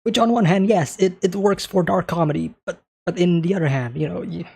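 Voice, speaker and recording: A man's voice: sits high, a little fast, vocal fry, darkish tone, husky. A man hosting an anime reaction, talking casually and thinking aloud as he comments on each scene, often checking in with "right?".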